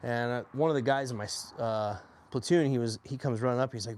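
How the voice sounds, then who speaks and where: A man's voice: mid-range voice, a little fast. Plainspoken man in his forties. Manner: plainspoken, animated when quoting others. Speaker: army veteran telling his story. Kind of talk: casual storytelling.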